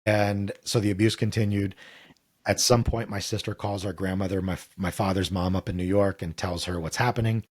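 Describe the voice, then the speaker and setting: A middle-aged man speaks in a deep, somewhat husky voice as a guest on an interview show. He tells his own story candidly and earnestly, slipping into the voices of the people he quotes. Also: fairly even intonation, normal speed. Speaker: podcast guest.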